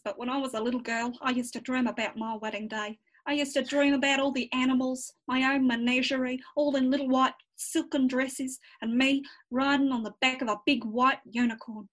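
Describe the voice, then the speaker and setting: A woman's voice: high voice, fairly even intonation, moderate pace, few pauses, fairly bright tone. A woman playing a gushing, dreamy woman in love in an improvised comedy soap.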